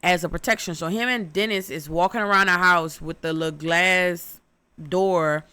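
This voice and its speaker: A young woman recapping a horror movie in loud, brash, profane comedic storytelling. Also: fairly low pitch, fairly even intonation, moderate pace, clean tone.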